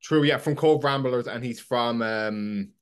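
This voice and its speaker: Easygoing podcast host. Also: male voice, mid-range voice, clean tone. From Ireland, Cork. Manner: easygoing, halting questions. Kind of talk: conversational interview.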